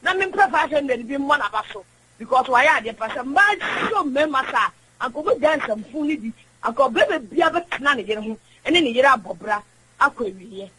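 Impassioned high-voiced woman caller. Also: expressive, moderate pace, bright, forceful tone, slightly rough, poor audio. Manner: impassioned, emphatic, mixes English into her speech. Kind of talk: radio call-in opinion.

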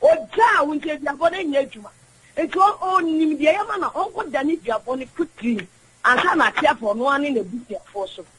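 Impassioned high-voiced woman caller. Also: animated, normal speed, a bit bright, a little hiss or hum, rough recording. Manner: impassioned, emphatic, mixes English into her speech. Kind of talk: radio call-in opinion.

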